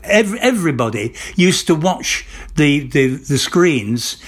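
A man's voice: fairly high pitch, very animated, slow pace, slightly rough. Older man telling rambling anecdotes. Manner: rambling, with restarts and acted-out dialogue. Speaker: actor, interview guest. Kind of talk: anecdotal interview storytelling.

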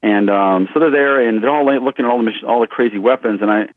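Animated storyteller on a tinny line. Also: male voice, mid-range voice, fast, dry recording. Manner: animated, rambling storyteller who acts out quotes. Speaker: shooting instructor and guest. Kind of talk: casual storytelling in an interview.

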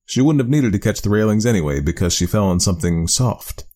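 A man narrating a spooky storybook tale with a measured, expressive reading. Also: lowish voice.

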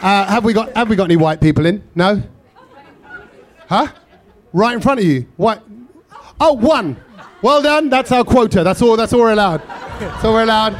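A man with a fairly high voice hosts a comedy podcast in front of a live theatre audience. He talks into a stage mic and teases the crowd with cheeky banter. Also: animated, moderate pace, pauses often. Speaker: podcast host.

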